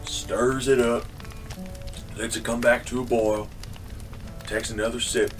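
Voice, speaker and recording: A man's voice: mid-range voice, level tone, unhurried, distant mic, soft background music. A man casually telling a comedic story, rambling with restarts and mild swearing.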